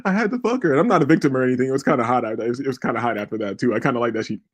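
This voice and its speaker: In a mid-range voice and at a racing clip, a man hosting a podcast tells a rude, profanity-laden story that meanders all over. Over and over he checks with his audience: "you feel me?"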